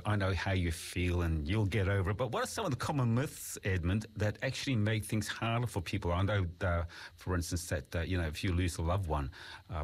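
A man hosts an interview and asks his guest measured questions. His voice is very deep and husky. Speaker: host.

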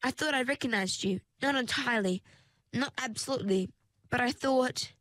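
Woman doing an anxious, shrill young mermaid. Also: moderate pace, fairly bright tone, dry recording, studio quality, natural voice. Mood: pleading. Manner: high, shrill and pleading. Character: anxious young mermaid girl, pleading and flustered. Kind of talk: storybook narration.

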